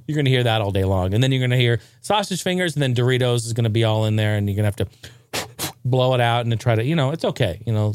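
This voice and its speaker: A man's voice: mid-range voice, dry recording. A man hosting a gaming show, ranting casually with profanity and jokes. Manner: profane, excitable, jokey.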